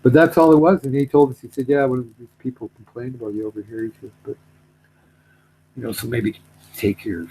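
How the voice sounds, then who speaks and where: A man's voice: medium pitch, fairly even intonation, a little fast, gravelly, mellow, slight background noise, rough recording. A middle-aged man telling a story in casual chat, rambling, repeating himself, trailing off.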